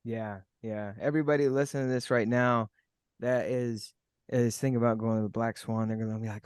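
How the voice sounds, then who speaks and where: A man's voice: mid-range voice, normal speed, long pauses, clean tone, no room sound, clean studio sound. A man co-hosting a casual chat, joking around and restarting his sentences often. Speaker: podcast co-host.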